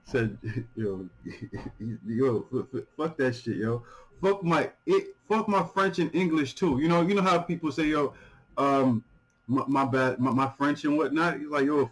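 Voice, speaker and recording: A man hosting a music reaction video, talking casually and excitedly, stumbling over repeated words, swearing freely and laughing often. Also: mid-range voice, low-quality recording.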